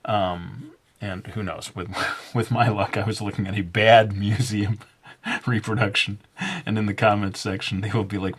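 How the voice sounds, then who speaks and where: A man narrating a drawing tutorial in a relaxed, rambling way, full of ums and uhs and self-deprecating jokes. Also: on the low side, normal speed, breathy edge. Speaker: drawing instructor.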